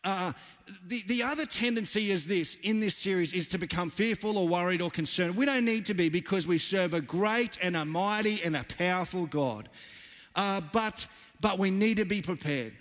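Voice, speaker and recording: Earnest high-voiced pastor preaching. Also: male voice, normal speed, fairly bright tone. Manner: earnest, emphatic, repeats key phrases. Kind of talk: sermon. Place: church. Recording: church hall reverb.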